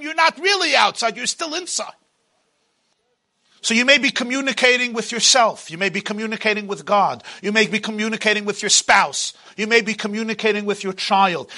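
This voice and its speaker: A man teaching a religious class in an impassioned, dramatic way, swinging from loud to hushed. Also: high-pitched.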